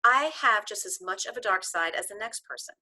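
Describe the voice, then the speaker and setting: Woman reading a cheerful organized young woman, bright and lively, casual read. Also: mid-range voice, a little fast. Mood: defensive. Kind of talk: casual script read-through.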